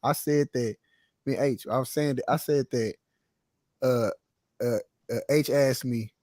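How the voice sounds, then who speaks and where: A man's voice: medium pitch, unhurried, a little mellow, dry recording. Laid-back Texan man, dry close sound. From Texas. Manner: laid-back, laughs, trails off. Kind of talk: casual boxing chat. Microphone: phone call.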